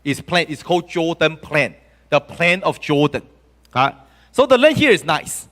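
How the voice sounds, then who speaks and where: A male preacher giving a sermon in a church, telling the story in an animated way and often checking in with the congregation. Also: on the high side, moderate pace, in a large hall. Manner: animated storytelling with audience questions.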